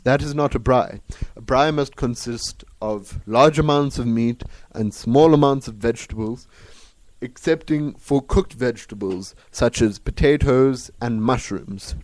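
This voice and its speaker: A man's voice: medium pitch, a little slow, darkish tone, no echo. A man from Africa, co-hosting a jokey podcast in a wry, teasing way. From South Africa. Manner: wry, teasing, laughs often. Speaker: podcast co-host.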